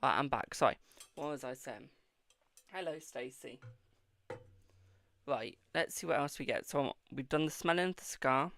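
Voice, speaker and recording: A man's voice: medium pitch, moderate pace, vocal fry, pauses often, a bit bright, a little hiss or hum. A man hosting a live-stream psychic reading, chatting casually and affectionately calling viewers boo and darling. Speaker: psychic tarot reader and host.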